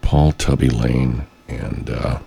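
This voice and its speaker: A man's voice: very deep voice, fairly even intonation, slow pace, vocal fry, mellow, husky. A man hosting a radio show, talking in a meandering, self-interrupting way and swearing freely. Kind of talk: rambling casual monologue.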